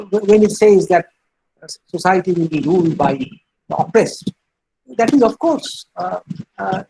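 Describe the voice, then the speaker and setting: Older man lecturing, husky voice. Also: high-pitched, a little mellow, low-quality recording. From India. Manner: deliberate, halting, with frequent hesitations and restarts. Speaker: guest lecturer, professor of political science. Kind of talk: academic lecture.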